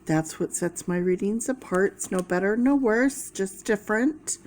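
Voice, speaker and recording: A woman's voice: medium pitch, darkish tone, a little hiss or hum. A woman giving a chatty, casual tarot reading to her viewers. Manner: slow, chatty, talking to viewers. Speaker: tarot reader.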